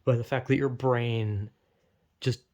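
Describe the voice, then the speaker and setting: A man's voice: medium pitch, fairly even intonation, slow pace, a little mellow. A young man talking casually into his own video, rambling and self-deprecating, full of fillers and restarts. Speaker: vlogger.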